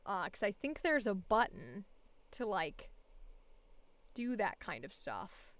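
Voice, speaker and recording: A woman's voice: medium pitch, big pitch swings, takes it slowly, a bit bright, dry recording. A woman voice actor chatting casually on a livestream, rambling with many fillers and restarts. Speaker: voice actor streamer.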